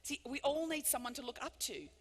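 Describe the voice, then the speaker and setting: Bright emphatic woman keynote speaker. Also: high voice, brisk. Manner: animated and emphatic, with big swings from loud to hushed. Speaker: motivational speaker. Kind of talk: live keynote speech. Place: large hall before thousands of people. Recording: long reverb of a big hall.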